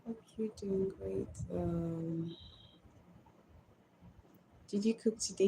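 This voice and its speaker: A woman's voice: mid-range voice, fairly even intonation, slow pace, gravelly, pauses often, mellow, slight background noise, rough recording. Sleepy woman chatting on a live stream. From Nigeria. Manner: chatty, answers viewers by name, sleepy and yawning. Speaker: livestream host. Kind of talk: casual live stream chat, reading comments.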